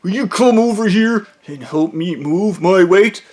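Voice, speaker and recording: A dopey, pushy cult member, played by a man telling the story, drawls out his demands slowly. He sounds dull and stubborn rather than threatening. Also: sits high, expressive. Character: dim, pushy male cult member at a dock.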